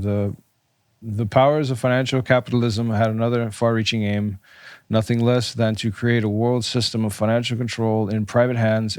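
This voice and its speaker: Wry low-voiced man on a podcast. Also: darkish tone, dry recording. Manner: wry, sarcastic quips. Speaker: podcast co-host. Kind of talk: casual chat and reading aloud.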